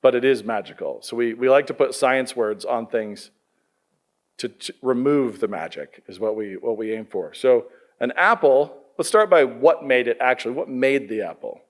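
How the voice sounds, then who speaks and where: Middle-aged male pastor, casual and lively sermon delivery, quizzes his student audience. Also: mid-range voice, normal speed.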